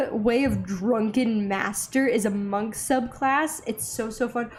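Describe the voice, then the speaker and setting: A young woman chats casually as she draws, bubbly and easily excited, drifting from one thought to the next. Her voice sits on the higher side, and she talks at an unhurried, slow pace. Faint music plays quietly behind her. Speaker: art channel host. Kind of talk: casual chat while drawing.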